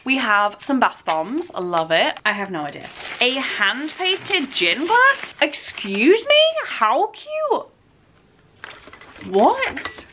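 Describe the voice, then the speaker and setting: Young female vlogger, gushing and squealy, pitch all over the place. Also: slow pace, noisy background. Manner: gushing, excitable, squeals with delight. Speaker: book vlogger. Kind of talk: casual vlog, unboxing presents.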